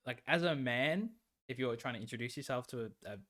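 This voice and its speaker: A man's voice: mid-range voice, fairly quick, fairly bright tone. A man, co-hosting a casual podcast chat and telling stories with laughter and plenty of swearing. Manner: laughing storyteller, swears freely. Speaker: podcast co-host.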